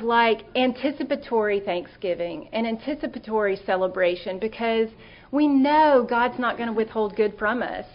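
A woman's voice: medium pitch, normal speed, highs cut off. A middle-aged woman giving an earnest, conversational sermon talk, telling stories with fillers and restarts.

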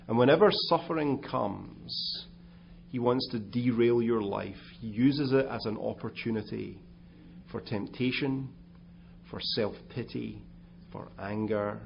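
A man's voice: mid-range voice, gravelly, dull audio, a little hiss or hum. A man giving a conversational sermon as pastor, with asides and restarts. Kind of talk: sermon talk.

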